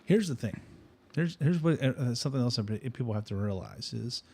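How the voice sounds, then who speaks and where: Mellow-voiced man, rambling talk. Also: mid-range voice, lively intonation, a little fast, gravelly, husky. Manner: rambling, many restarts and fillers. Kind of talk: casual political discussion.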